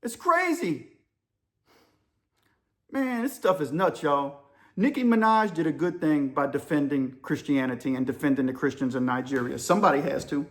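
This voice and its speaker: A man talking casually to his viewers, mixing opinion with stories. He speaks in a slightly high voice and keeps an animated, chatty delivery. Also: normal speed. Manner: animated, addresses listeners as y'all. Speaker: commentator on current events. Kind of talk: casual video commentary and storytelling.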